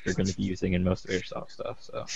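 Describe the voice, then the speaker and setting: Low-voiced man explaining gear matter-of-factly. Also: monotone, fast, creaky, a little mellow, highs cut off. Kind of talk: casual chat.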